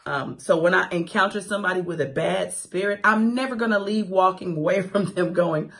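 A woman's voice: mid-range voice, fairly quick, few pauses, fairly bright tone. A woman hosting a morning radio show, giving faith-filled encouragement with emphatic, repeated phrases and sassy asides. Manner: sassy asides and laughing quips. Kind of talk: morning radio inspirational talk.

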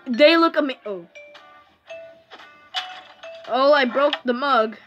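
A gaming YouTuber with a high-pitched, slightly bright voice chats slowly and ramblingly while playing a phone game, full of fillers, restarts, and self-interruptions. It's a casual let's-play captured by phone screen recording, with dull audio and faint background music.

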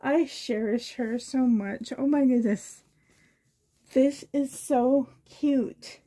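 A hoarse woman from Canada gushing with delight as she unboxes a reborn doll trade for her vlog. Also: high voice, slow, warm tone. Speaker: reborn doll collector vlogger.

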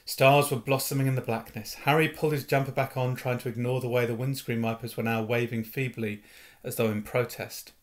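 A man reading a novel aloud in an expressive storytelling manner. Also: mid-range voice, brisk. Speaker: reader. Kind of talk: audiobook narration of a novel.

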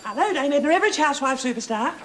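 A man putting on a gushing, theatrical falsetto to play a middle-aged housewife superstar. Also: lively intonation, racing. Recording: old 1970s TV broadcast with hiss, off-mic.

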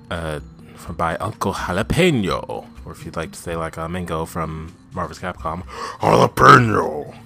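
A man narrating his own let's play, excitable and quick to curse at the screen. His voice is bright and pushed forward. Between outbursts he rambles in chatty asides to himself. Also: low voice. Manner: excitable, yelling and swearing at the game.

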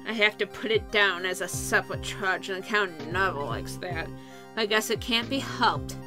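A woman voicing a cold, businesslike male hitman in a video game, speaking flat and low. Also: normal speed, over music, lightly acted.

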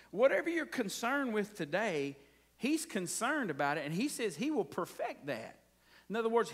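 High, lively preacher. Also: male voice. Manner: folksy, repeatedly checks in with the congregation. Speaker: pastor. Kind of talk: conversational sermon.

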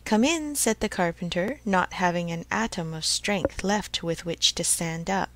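A woman reading a storybook aloud for English learners in a clear, measured way. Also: lowish voice, steady tone, no room sound. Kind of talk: scripted storybook narration.

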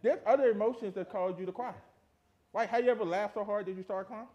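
A man preaching a sermon in a church, emphatic and full of rhetorical questions, dropping from loud to hushed. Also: high voice, fast, muffled recording. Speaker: pastor. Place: church sanctuary.

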